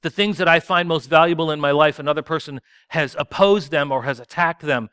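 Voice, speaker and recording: A man's voice: on the high side, brisk, a bit bright, clear, resonant tone, dry recording, studio quality. A man preaching a sermon in a conversational, self-deprecating way. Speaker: pastor.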